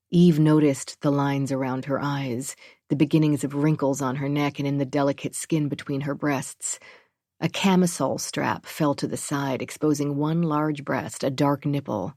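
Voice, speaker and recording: A woman narrating a thriller audiobook in a steady, even reading. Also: low voice, dry recording, clean studio sound.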